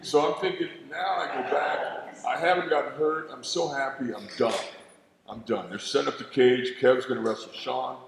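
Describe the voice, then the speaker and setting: A man's voice: medium pitch, steady tone, moderate pace, vocal fry, noisy background. A man in his fifties, a retired wrestler, telling stories animatedly in an interview, throwing in sound effects. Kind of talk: storytelling interview. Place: arena. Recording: echoey arena with long reverb.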